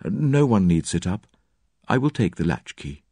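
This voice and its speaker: A man voicing an impassive middle-aged husband who speaks in a low, measured tone. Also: very animated, dark tone, breathy edge, dry recording, heavily acted.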